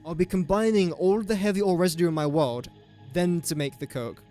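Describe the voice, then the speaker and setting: A talkative man hosts a casual game live stream, working through numbers out loud and tossing in jokes. His voice sits a touch high for a man, with faint music under him. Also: a little fast. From England. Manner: thinks aloud while doing sums, chatty and joking.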